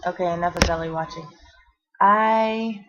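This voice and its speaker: A woman's voice: lowish voice, moderate pace, background noise. A pregnant woman in her twenties, short of breath, chatting casually in a rambling home vlog with lots of fillers and restarts. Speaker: vlogger. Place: at home, seated. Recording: dull lo-fi home video audio.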